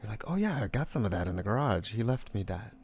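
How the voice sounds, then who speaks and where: A man's voice: on the low side, big pitch swings, fast talker, a little mellow. A young man rambling casually while painting on a live stream, laid-back, swearing often and laughing a lot.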